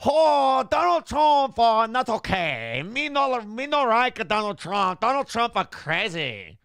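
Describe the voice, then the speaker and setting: A man putting on an exaggerated mocking impression voice, loud and drawling. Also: big pitch swings, slow, smooth, no echo, studio quality, heavily acted. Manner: loud, drawling, high put-on voice.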